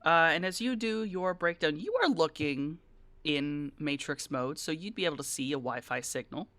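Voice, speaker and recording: Bright, crisp-voiced game master. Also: medium pitch, normal speed, dry recording. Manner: rambling, filler-heavy, conversational. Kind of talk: describing scenes for players.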